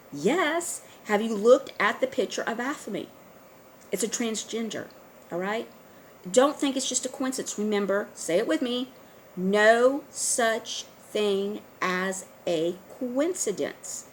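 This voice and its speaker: A woman talking straight to her viewers in a casual monologue, earnest and urging, often pausing on fillers and restarting. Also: lowish voice, a little hiss or hum, rough recording. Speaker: online video host. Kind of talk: casual direct-to-camera monologue.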